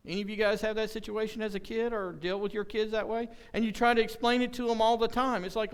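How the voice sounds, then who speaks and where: A high-pitched male preacher with a smooth, resonant voice. He delivers a loose, conversational sermon full of jokes and homespun stories, slipping into little acted-out voices for the people in them. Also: moderate pace. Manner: joking, folksy storytelling with acted-out quotes. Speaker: pastor. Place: church service.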